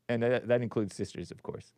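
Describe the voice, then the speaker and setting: A man's voice: mid-range voice, darkish tone, no room sound. A man hosting a call-in show, reading news aloud with sarcastic, rambling asides and chuckles. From California. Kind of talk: casual live-stream commentary.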